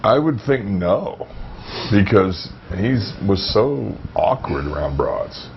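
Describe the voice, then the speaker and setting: Gravelly low-voiced man telling stories. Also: sing-song, slow pace. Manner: rambling, full of restarts and "you know". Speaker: wrestler guest. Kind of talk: casual storytelling. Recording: dull, slightly noisy recording.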